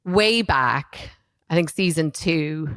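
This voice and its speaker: A woman's voice: low voice, animated, takes it slowly, a bit bright, clear, resonant tone, dry recording, studio quality. A woman speaking as a lead actress on a panel, chatting playfully and laughing at herself. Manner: playful, laughing, self-mocking. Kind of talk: casual panel talk.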